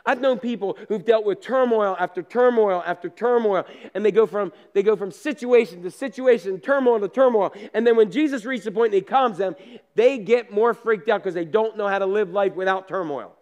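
A pastor preaching a sermon in a conversational storytelling way, with down-to-earth asides, moving between loud bursts and quiet remarks. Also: male voice, high-pitched, a little fast, muffled recording.

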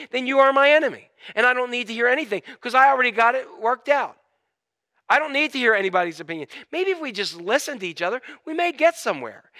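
Pastor, male, preaching; bright tenor voice, dry close recording, animated delivery. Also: no room sound. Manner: animated preaching, swinging from loud emphatic peaks to quiet low asides. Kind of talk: sermon.

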